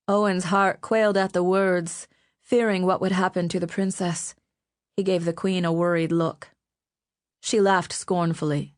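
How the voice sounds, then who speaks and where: A woman narrating an audiobook in a slow, measured, even way. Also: fairly low pitch, dry recording, clean studio sound.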